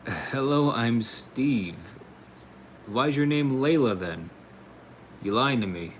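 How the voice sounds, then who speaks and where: A medium-pitched American man speaks slowly but animatedly while answering chat on his casual livestream. He laughs often, calls viewers "bro" and "dude," and keeps things easygoing, with a bit of hiss or hum audible.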